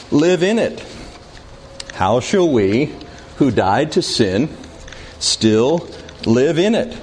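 A man teaching a Bible class, speaking deliberately and putting questions to his students in a room with a board. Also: mid-range voice. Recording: reverberant hall, faint background noise.

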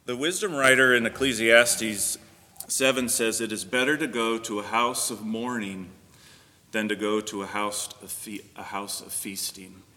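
A man's voice: on the low side, fairly even intonation, unhurried, bright, forceful tone. A man pastor giving a sermon, praying and then preaching earnestly with frequent fillers. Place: church sanctuary. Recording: long reverb of a church hall.

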